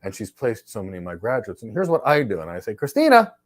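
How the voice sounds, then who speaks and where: A middle-aged man hosting a live career Q&A, telling stories in an emphatic, animated way. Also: fairly low pitch, quick pace. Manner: emphatic, animated storyteller who acts out exchanges. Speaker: host and cloud career trainer. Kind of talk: live Q&A with storytelling.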